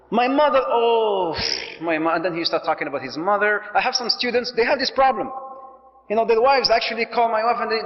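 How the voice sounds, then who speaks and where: Male preacher, animated and jokey, high voice, dull recording in an echoey hall. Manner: animated, jokey, mixes in Arabic phrases. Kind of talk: lecture on marriage to an audience.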